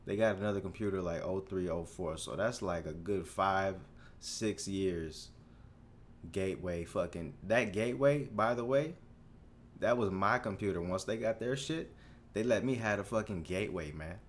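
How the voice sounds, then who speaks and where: A man in his twenties hosting a solo podcast, rambling through a story in a casual, profane, animated way, full of restarts. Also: sits low, normal speed, slight background noise. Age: 20s. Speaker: podcast host.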